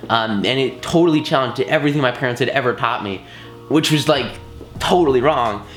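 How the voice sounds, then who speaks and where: Excited guy teaching a course, lots of um and like, roomy sound, faint music underneath. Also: mid-range voice, a little fast. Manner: enthusiastic, slangy, many fillers and restarts. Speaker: course instructor. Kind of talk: casual recorded course lesson.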